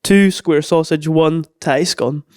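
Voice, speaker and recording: A man co-hosting a podcast, answering in short, deadpan lines. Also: on the high side, takes it slowly, no room sound, studio quality. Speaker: podcast co-host. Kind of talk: casual podcast banter.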